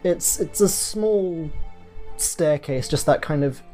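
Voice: medium pitch, takes it slowly. Chill game master talking through a dungeon game, bit of music underneath. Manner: relaxed, laughing, explains rules in detail. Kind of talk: narrating a tabletop game.

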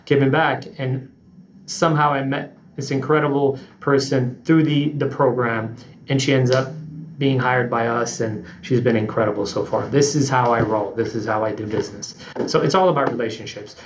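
Man, CEO guest, casual podcast interview, animated storyteller, roomy dull remote audio. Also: medium pitch, moderate pace, a little hiss or hum. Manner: animated storyteller, acts out quotes.

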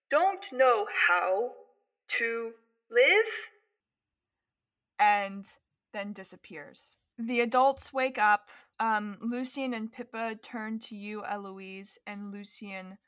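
A woman narrating a tabletop game as game master, chatty with quick restarts. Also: medium pitch, fairly bright tone. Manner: chatty, fast, with restarts and laughs.

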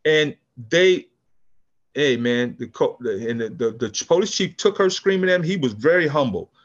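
An older man from California with a high-pitched voice tells a story in a relaxed interview. He is lively and restarts his sentences often, slipping into other people's voices as he goes. The sound is dull and lo-fi. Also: moderate pace. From California, USA. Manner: animated storyteller, acts out quotes, frequent restarts. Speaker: podcast guest, business founder.

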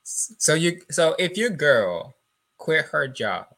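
Bright-voiced easygoing podcast man. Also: fairly high pitch, very animated, slow pace. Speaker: podcast co-host. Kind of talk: casual podcast banter.

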